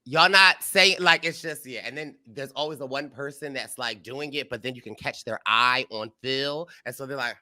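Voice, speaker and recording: A man co-hosting a casual recap chat, animated and heartfelt, laughing often and talking in bursts of fillers. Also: medium pitch, normal speed, hardly any pauses. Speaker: co-host.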